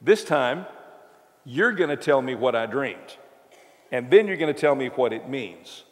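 A man's voice: mid-range voice, expressive, unhurried, natural voice. A preacher voicing a grumpy, paranoid, sleepless ancient king who blusters threats at his advisors. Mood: threatening. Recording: reverberant church hall.

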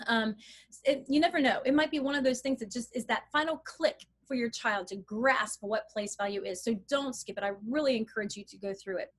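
Middle-aged woman, slightly high voice, clear encouraging instructor for a parent math walkthrough. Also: fairly quick. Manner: clear, encouraging, explains step by step while handling an abacus.

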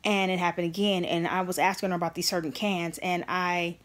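A woman's voice: lowish voice, flat delivery, brisk, a bit bright. A woman vlogger talking straight to the camera, telling a personal story in an earnest and emphatic way.

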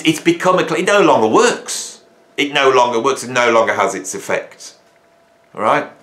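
A man talks casually to camera from a hot garage, a bit sweaty and full of energy. His voice sits on the low side, and he rambles and repeats phrases as his thoughts pile up. The garage gives his voice an echoey, roomy sound. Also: a bit bright. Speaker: drummer and producer talking to camera. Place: home garage.

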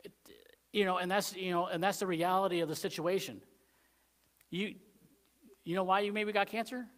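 A man preaching a Wednesday sermon in church in a rambling, conversational way, full of "you know" fillers, swinging between emphatic points and quiet asides. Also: high voice, steady tone, normal speed. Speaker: pastor.

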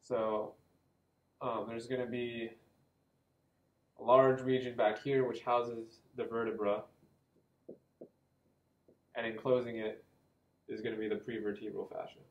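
An anatomy lecturer teaches at a drawing board, explaining as he sketches, with frequent ums and small self-corrections. His medium-pitched voice is flat and a little slow, with long pauses. The highs in the recording are cut off.

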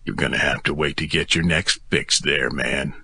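A man's voice: very deep voice, fairly even intonation, moderate pace, vocal fry, sharp tone, breathy edge, full character voice. A man voicing a brusque, mocking male police officer in an audiobook. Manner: sneering, commanding.

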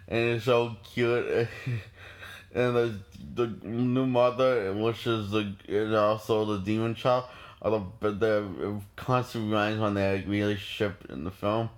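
A man's voice: fairly low pitch, steady tone, slow. A man casually reviewing a horror film, rambling with many restarts and frequent laughs.

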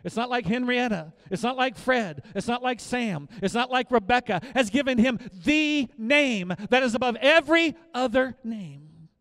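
A high-pitched middle-aged man preaching a sermon as pastor. He drops to quiet, confiding asides, then rises into loud, repeated declarations of emphasis. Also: animated, moderate pace, few pauses.

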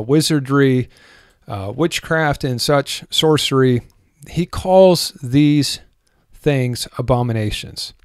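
A man teaching from the Bible in an earnest way, reading scripture aloud with pauses and fillers. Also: mid-range voice, clear, resonant tone, no echo, clean studio sound.

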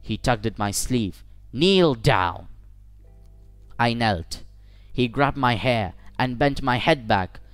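A man narrating a first-person short story for English learners in a measured, deliberate way. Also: mid-range voice, a bit bright, clear, resonant tone, dry recording, faint music behind. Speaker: audiobook narrator.

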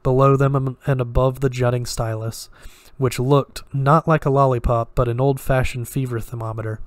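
A man reads a horror story aloud in a measured, steady way, now and then tripping over a word. His voice sits at an ordinary male pitch and stays flat. The recording is close and dry, with no room sound. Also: no room sound. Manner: measured and steady, with occasional slips. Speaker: story reader.

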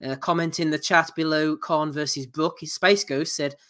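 A man's voice: fairly high pitch, fairly even intonation, normal speed, fairly bright tone. A man hosting a casual boxing podcast, reading listener messages aloud and laughing. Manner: jokey, laughs while reading. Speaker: podcast host.

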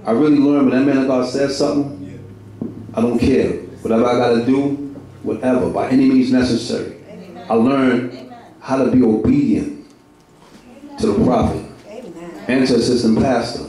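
Speaking at normal speed with a steady, dark-toned medium pitch and long pauses, a middle-aged man gives a moving testimony in church. He leans on repetition and street slang and laughs through the heartfelt account, captured from afar in a cavernous, echoing hall.

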